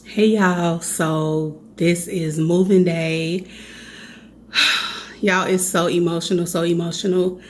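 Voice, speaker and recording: A woman's voice: fairly low pitch, little pitch movement, slow, slight background noise. A woman in her thirties with a Chicago accent, chatting earnestly to her viewers in a casual vlog. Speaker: vlogger.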